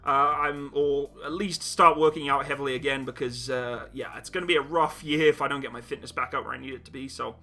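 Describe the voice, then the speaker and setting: With a slightly high, sharp-toned voice, a young man reads donations on his casual live chat stream. He's quick to laugh at himself, giggly and self-mocking throughout.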